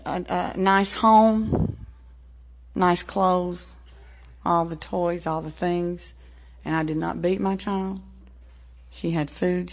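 A woman in her forties with a Southern American accent, frankly telling her personal story at a recovery meeting, with pauses and wry asides. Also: fairly low pitch, gravelly. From American South, Tennessee-Mississippi line. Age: 40s. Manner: frank, plainspoken, with fillers and wry laughs. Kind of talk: personal testimony. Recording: dull lo-fi recording.

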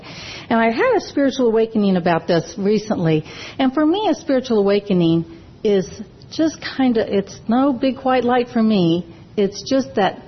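A woman speaking at a recovery meeting, sharing her own story earnestly and haltingly, often restarting her sentences. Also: a little high, slightly rough. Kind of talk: personal sharing talk. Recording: dull lo-fi recording.

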